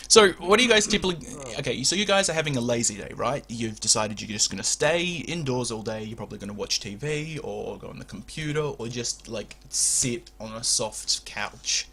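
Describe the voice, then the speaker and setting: A man's voice: medium pitch, animated, brisk, hardly any pauses, bright, forceful tone, husky. A man hosting a comedy podcast, joking and laughing often as he chats. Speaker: podcast host. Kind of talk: casual comedy podcast chat.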